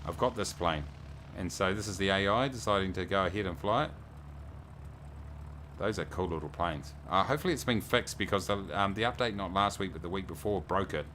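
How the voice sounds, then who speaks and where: Low-voiced New man chatting on stream. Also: a little fast, bright, forceful tone, a little hiss or hum. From New Zealand. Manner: chatty, reads viewer messages aloud and thanks them. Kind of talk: casual livestream chat.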